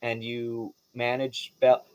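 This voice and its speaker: A man's voice: medium pitch, monotone, measured pace, clear, resonant tone, no echo. A man running a tabletop game as game master, rambling with many restarts and frequent laughs.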